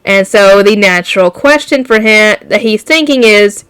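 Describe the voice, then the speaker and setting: A woman casually recapping an anime episode for her channel, rambling and excitable, jumping into loud shocked outbursts. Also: mid-range voice, moderate pace, smooth, no room sound. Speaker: anime reaction YouTuber.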